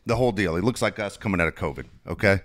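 A man's voice: low voice, rapid-fire, a bit bright. A middle-aged man telling rambling, self-mocking stories in a casual chat, swearing freely. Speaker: podcast co-host and father.

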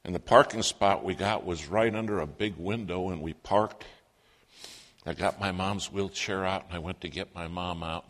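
A man's voice: low-pitched, moderate pace, a bit bright, big-room sound. A man preaching a sermon, telling a personal story and quoting others in his own plain voice.

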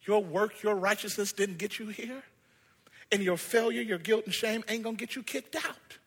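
High bright-voiced preacher man, gets loud then quiet, big hall echo. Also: moderate pace, husky. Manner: animated preaching, swings from hushed to shouting. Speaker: pastor. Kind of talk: sermon.

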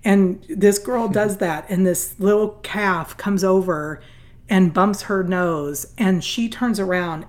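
A middle-aged woman from Southern California, a guest telling an earnest, animated story in an interview. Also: mid-range voice, slow pace. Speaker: guest, nonprofit founder.

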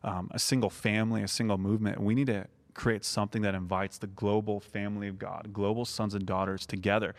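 A young man with a somewhat low voice talks through his faith earnestly. He speaks in a relaxed conversational tone but builds up to emphatic passages. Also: fairly quick, few pauses.

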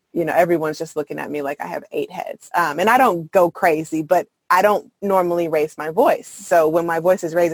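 A woman's voice: lowish voice, breathy edge, no room sound. A woman in her thirties, a mother, speaking earnestly and candidly as a podcast guest in casual conversation. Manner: earnest, candid, many fillers and soft laughs.

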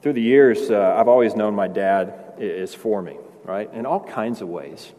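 A man's voice: on the low side, normal speed, dark tone. A man in his forties, a pastor, preaching a sermon in a conversational way that builds to emphatic peaks. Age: 40s. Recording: long hall reverb.

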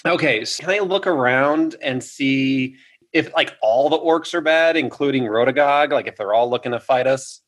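A man's voice: mid-range voice, moderate pace, fairly bright tone. A man at a tabletop game speaking casually. He asks questions about the scene and calls out his dice results. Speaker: player.

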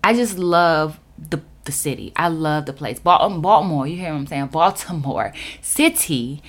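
A woman's voice: low voice, animated, normal speed. A woman in her twenties from Florida, chatting casually and animatedly to her viewers. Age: 20s. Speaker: vlogger. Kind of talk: casual chat to camera.

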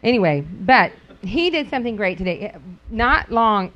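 A middle-aged woman tells a story to a group with animated energy, laughing as she goes and jumping up into high squeals when she acts out what people said. Her voice sits at an ordinary middle pitch. The recording is dull and lo-fi. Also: moderate pace. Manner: laughs often while talking. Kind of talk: casual talk to a group.

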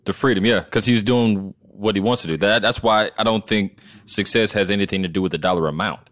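A man's voice: fairly low pitch, steady tone, fairly quick, a bit bright, no room sound, studio quality. A man from the United States in casual conversation, emphatic, asking rhetorical questions and repeating words.

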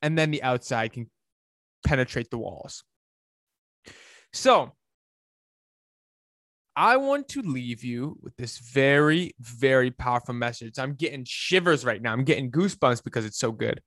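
A man, a fitness coach, giving an emphatic, preachy motivational talk that swings between loud and hushed. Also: mid-range voice, lively intonation, unhurried, pauses often, no echo, studio quality.

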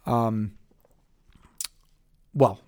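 A man's voice: lowish voice, steady tone, drawn-out words, a little mellow, no room sound. A man hosting a casual Bible study podcast, reading scripture and then talking it through, thinking aloud with fillers and restarts. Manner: thoughtful, with many fillers and restarts. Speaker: podcast host.

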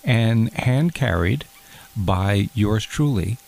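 A man playing a touchy, fondue-loving guest who talks in a deadpan, stammering way in an improvised comedy bit. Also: fairly low pitch, takes it slowly, creaky, heavily acted.

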